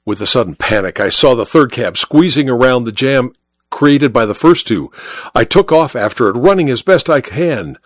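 A man narrating a story in the first person, with wry, measured storytelling, in a dry close recording. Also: medium pitch, lively intonation, no echo. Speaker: audiobook narrator.

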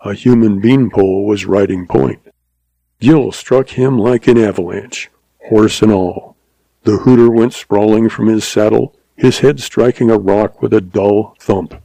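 A man narrates a western novel with steady storytelling. His voice is gravelly and dark with a husky grain. The recording is dry and close. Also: on the low side, unhurried, no echo, poor audio. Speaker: audiobook narrator.

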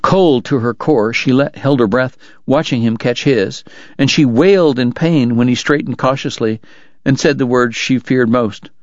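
A man narrating a novel aloud for a radio book program, in a measured, dramatic delivery. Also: mid-range voice, no room sound, highs cut off. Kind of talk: audiobook narration.

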